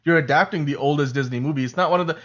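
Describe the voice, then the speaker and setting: A man's voice: a little high, racing, fairly bright tone. Man hosting a livestream, lo-fi sound. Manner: reads chat names, laughs easily. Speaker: host. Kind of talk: casual livestream chat.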